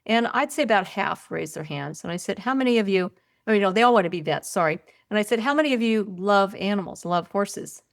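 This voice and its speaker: An older woman, a podcast guest, telling stories in a lively, conversational way and often raising her voice when she quotes herself. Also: medium pitch, a little fast. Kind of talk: conversational storytelling.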